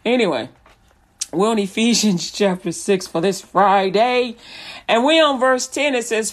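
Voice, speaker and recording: A woman's voice: mid-range voice, expressive, normal speed, pauses often. A woman hosting a Christian radio show, preaching in a casual, joking way, often laughing and acting out little scenes as she talks. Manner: laughs often, storytelling with acted-out quotes.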